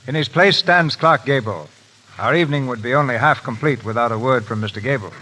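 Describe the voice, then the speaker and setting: A man's voice: mid-range voice, fairly quick, pushed and bright, low-quality recording. A man hosting a 1930s radio drama with a genial, bantering manner. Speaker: host. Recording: hissy old radio broadcast.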